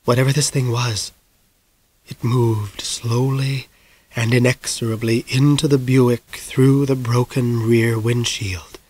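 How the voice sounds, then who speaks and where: A man narrating a novel as an audiobook in measured, grave storytelling, dropping soft at the darkest moments. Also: medium pitch, fairly even intonation.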